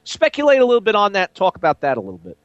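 A man's voice: sits high, huge pitch swings, racing, no room sound, muffled recording. A man hosting a sports radio talk show, conversational as he leads into questions. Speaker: radio host.

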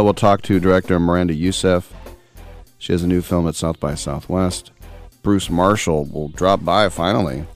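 A man hosting a sports talk radio show from his home studio, joking and riffing in a punchy, playful way while a little under the weather. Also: low-pitched. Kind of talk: casual, jokey radio chat.

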